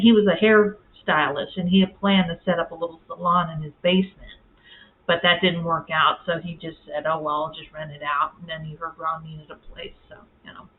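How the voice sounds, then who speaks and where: A woman telling a personal story in a casual, rambling vlog, full of fillers and restarts. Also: on the low side. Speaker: vlogger. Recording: tinny, phone-like audio.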